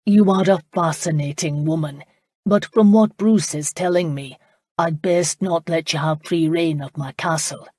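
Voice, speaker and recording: A woman narrator voicing a proud, commanding Scottish laird with a genteel, rolling accent and a measured, lordly manner. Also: low-pitched, mellow, breathy edge, dry recording, clean studio sound. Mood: smug menace.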